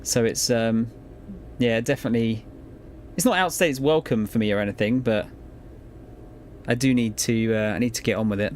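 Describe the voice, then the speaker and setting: A man's voice: mid-range voice, normal speed, a little mellow, a little hiss or hum. A man chatting casually to viewers during a live game stream, rambling and laid-back with frequent swearing and laughter. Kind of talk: casual live-stream chat while gaming.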